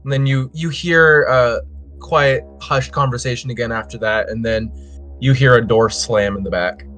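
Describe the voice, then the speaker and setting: A man running a tabletop role-playing game as game master, narrating scenes in a measured, descriptive way. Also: medium pitch, fairly even intonation, a bit bright, faint music behind.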